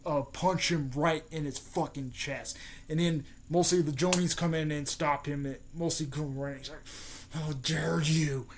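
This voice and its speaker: A young man casually rambling through fan speculation, swearing often and leaning on fillers. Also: fairly high pitch. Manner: rambling, profane, many fillers. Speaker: fan video host.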